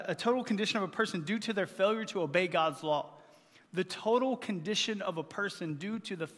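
A man with a notably high-pitched voice preaches a sermon to his congregation, driving points home by repeating phrases. His voice rings out with a long reverb trailing behind it, as in a large church hall. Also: a bit bright. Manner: emphatic, repeats phrases for effect. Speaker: pastor.

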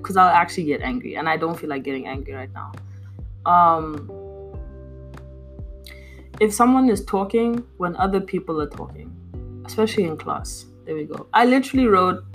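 A young woman, a university student, telling annoyed stories in a casual chat, animated and exasperated, with lots of fillers. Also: fairly low pitch, rough recording. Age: young adult.

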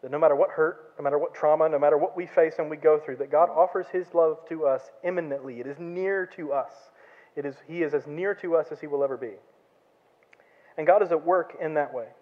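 A man's voice: on the high side, brisk. Earnest man preaching in a church hall. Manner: earnest, tells a parable with quoted voices. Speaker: guest speaker. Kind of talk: sermon testimony. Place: church sanctuary. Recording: lo-fi, phone-like sound in a reverberant church hall.

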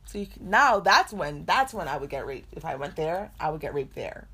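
A woman's voice: sits low, normal speed, husky. Young woman telling a story animatedly. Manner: animated, acts out quotes in changed voices. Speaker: podcast co-host. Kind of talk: casual storytelling chat.

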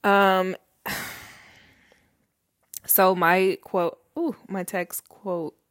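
On her solo podcast recorded at home, a young woman draws out her words in a lowish, level and fairly bright voice. She rambles casually with lots of fillers, laughs often and swears occasionally, speaking into a handheld mic in a dry, studio-quality recording.

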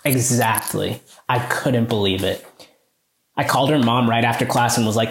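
A male teacher earnestly telling a story in a conversation, growing animated as he recounts a moving moment. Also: normal speed, roomy sound, slight background noise. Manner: earnest, animated, rises in pitch when moved. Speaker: high school teacher, guest.

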